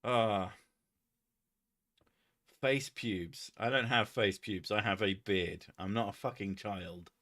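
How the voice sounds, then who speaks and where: A man's voice: fairly low pitch, takes it slowly, long pauses, a bit bright. A man hosting a casual live stream, joking, swearing and reading chat aloud. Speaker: streamer host.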